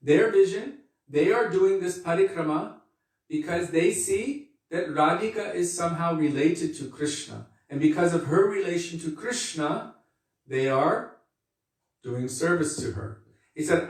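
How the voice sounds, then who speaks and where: Earnest man lecturing in an echoey space. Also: fairly high pitch. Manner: earnest, unhurried, repeats phrases for emphasis. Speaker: spiritual teacher. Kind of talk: devotional lecture. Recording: echoey and distant from the mic.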